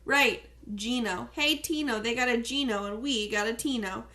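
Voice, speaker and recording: Cocky teen boy bully read by a woman, loud mocking swagger, higher pitched, audiobook character. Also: moderate pace. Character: cocky teenage boy soccer star, trash-talking bully.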